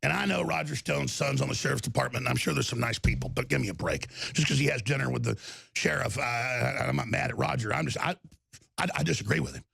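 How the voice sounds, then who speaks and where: A man hosting a talk show, delivering an angry, insulting rant that breaks into shouting. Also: mid-range voice, fast talker, creaky, breathy edge, no room sound, studio quality. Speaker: talk radio host. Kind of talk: ranting talk show monologue.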